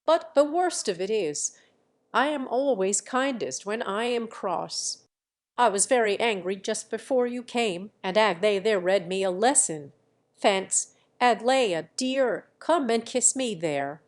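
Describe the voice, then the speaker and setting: A brusque, impulsive noblewoman and mother, read by a woman who scolds and commands abruptly. The audiobook delivery is slow and measured. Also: medium pitch, animated.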